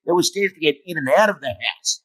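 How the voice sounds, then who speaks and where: A man's voice: on the high side, animated, brisk, fairly bright tone, rough recording. A middle-aged man, a motivational speaker, telling blunt, humorous stories in an interview and swearing freely. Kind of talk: storytelling interview.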